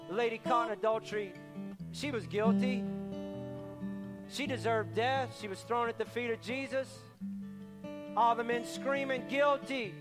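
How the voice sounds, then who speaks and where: A male pastor preaching a conversational sermon, often repeating his words and acting out the people in his stories. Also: extremely high pitch. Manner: conversational, repeats words, acts out quoted voices. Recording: long hall reverb with faint music.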